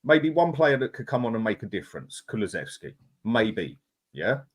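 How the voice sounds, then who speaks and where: A man's voice: medium pitch, sing-song, moderate pace, husky. A man on a live football fan panel, talking things through and putting questions to the others, with a sarcastic streak. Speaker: guest panelist. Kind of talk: casual football fan chat.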